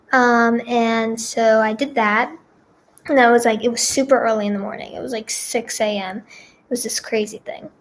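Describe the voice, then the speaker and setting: A young woman vlogger telling a personal story in a chatty, animated way, full of fillers. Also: on the high side. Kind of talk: casual storytime.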